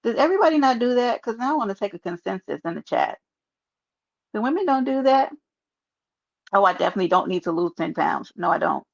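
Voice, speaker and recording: New lady on a live stream, raspy fry in her voice, joking with chat, kinda dull lo-fi sound. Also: mid-range voice, expressive, fast talker, pauses often. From New York. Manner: playful, joking, talks straight to her chat. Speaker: livestreamer. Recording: muffled lo-fi stream audio.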